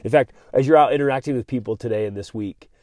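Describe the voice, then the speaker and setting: A man talks straight into a close podcast mic in an earnest, animated way, often repeating himself as he gets fired up. His voice is mellow and relaxed in tone, and the recording sounds dry. He sounds like a host speaking directly to his listeners. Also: mid-range voice, fast talker, no room sound. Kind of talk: motivational podcast monologue.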